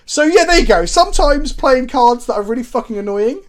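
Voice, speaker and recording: Guy, high voice, rambling card-game storyteller, swears a lot, laughs at himself. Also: animated, fairly quick. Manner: rambling, swears, self-mocking, frequent restarts. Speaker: card game player and co-host. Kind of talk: casual gameplay chat with anecdotes.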